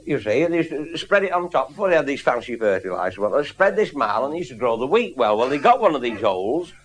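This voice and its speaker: A man's voice: mid-range voice, very animated, fast talker. A man telling an earthy, swearing comic anecdote to a live audience and chuckling through his lines. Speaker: storyteller. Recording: loud live audience laughter.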